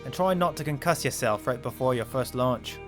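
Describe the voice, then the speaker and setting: A man's voice: mid-range voice, brisk, over music, lightly acted. A man reading the lines of a teasing veteran male flight coach from a space game, in a wry, plain voice.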